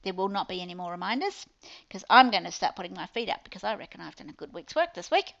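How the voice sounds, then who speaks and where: A woman's voice: fairly low pitch, very animated, quick pace, creaky, a bit bright, dull audio. A woman with a New Zealand accent, a business coach giving an upbeat, chatty promotional talk to her clients. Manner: chatty, upbeat sales patter with playful asides.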